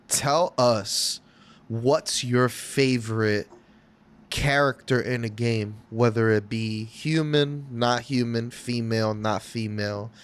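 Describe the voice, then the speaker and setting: A man co-hosting a gaming podcast, joking around in casual chat. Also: mid-range voice. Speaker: podcast co-host.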